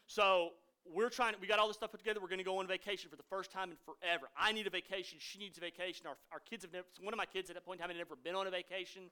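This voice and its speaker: Man, 30s, pastor preaching a dynamic sermon; bright, forceful tone with loud peaks and quiet drops. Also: sits high, clear, resonant tone. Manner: dynamic preaching, swinging from loud emphasis to hushed asides.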